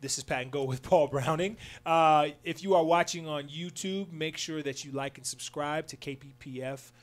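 A man's voice: on the high side, normal speed. A man hosting a casual radio sports show, upbeat and loose, with lots of fillers. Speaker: sports talk show host.

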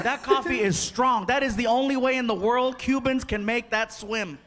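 A male comedian telling a story on stage, animated and acting out the dialogue, recorded live over audience laughter and noise. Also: very high voice, a little fast, hardly any pauses. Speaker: stand-up comedian. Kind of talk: stand-up storytelling.

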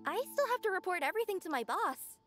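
A woman voicing a soft-spoken, earnest young female yokai courier in a game. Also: very high-pitched, lively intonation, quick pace. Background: game music.

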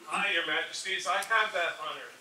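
A man's voice: sits high, a little fast, sharp tone. A man giving a formal ceremonial speech, emphatic and stressing key words. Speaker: member of an order speaking at a ceremony. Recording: echoey, distant, with background noise.

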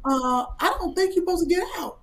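A woman's voice: very high voice, fairly quick, a bit bright. A middle-aged woman co-hosting a comedy livestream, reacting bluntly and chatting casually. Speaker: comedy show co-host. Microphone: livestream microphone.

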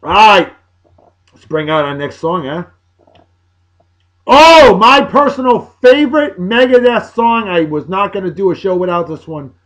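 High-voiced boisterous New man. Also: sing-song, a little slow, a bit bright, poor audio. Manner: boisterous, joking, rambling. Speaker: host. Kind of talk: casual beer-review vlog.

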